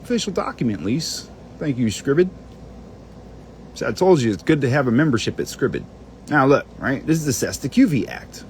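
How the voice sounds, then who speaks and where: Distracted male host muttering and cursing while he hunts for files, with an animated pitch and faint background noise. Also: normal speed. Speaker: channel host. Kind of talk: rambling screen-share monologue.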